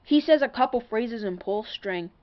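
A woman's voice: fairly high pitch, animated, normal speed, muffled recording, slight background noise. A woman rambling through a casual show-and-tell vlog about a toy, full of fillers and apologies. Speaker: toy collector showing a doll.

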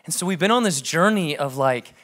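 A man in his thirties, a pastor preaching a sermon and telling stories lively, acting out family conversations. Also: on the high side, brisk.

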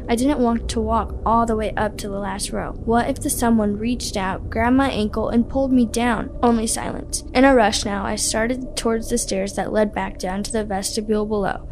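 A young woman reading a spooky story aloud in a hushed, suspenseful way. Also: on the high side, gravelly, background noise. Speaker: student narrator.

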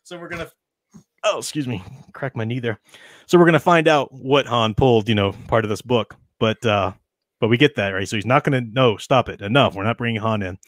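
A man's voice: medium pitch, brisk, no echo. Guy running a chatty book study, laughs a lot, dry close sound. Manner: chatty, laughs often, restarts and fillers. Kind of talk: casual book discussion with read-aloud passages.

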